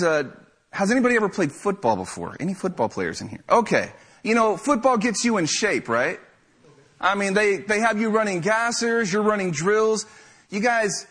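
A young man telling a lively, self-mocking story to a live audience. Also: high voice.

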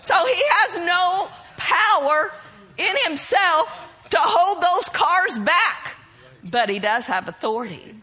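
High-pitched woman preacher, slow, punchy, gets loud and bold in the sermon. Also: expressive. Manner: bold, emphatic, breaks into shouted declarations.

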